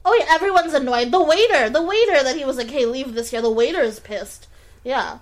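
A woman's voice: high voice, expressive, a little fast. A woman co-hosting a casual film podcast, who gets set off laughing easily. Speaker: podcast co-host.

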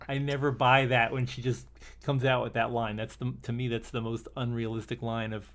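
A man co-hosting a relaxed conversation about a TV episode. He rambles, stops and restarts his sentences, and breaks into easy laughter. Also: mid-range voice, moderate pace. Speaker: podcast co-host. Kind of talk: casual discussion of an old TV episode.

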